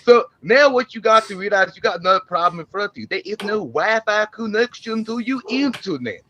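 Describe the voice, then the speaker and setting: Man doing a bright, broken-grammar comic character voice, mock-soothing, a bit high. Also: animated, dull audio, a little hiss or hum. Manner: broken-grammar put-on voice, drawn-out and amused. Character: Slender Man character, an adult man with a loose, mock-wise manner.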